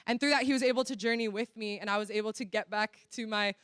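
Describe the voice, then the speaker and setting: At a church workshop, an earnest woman speaks candidly and fast with few pauses, relying on casual fillers. Her slightly high voice is smooth, clear, and fairly bright, and the sound is dry and close with no room sound.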